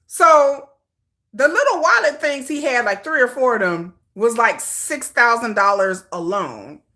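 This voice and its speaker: A woman's voice: on the high side, lively intonation, unhurried, bright, forceful tone. A woman from Detroit hosting a casual livestream chat, chatty and sassy, laughing often. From Detroit, United States. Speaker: K-pop livestream host. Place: home, at a computer with a ring light.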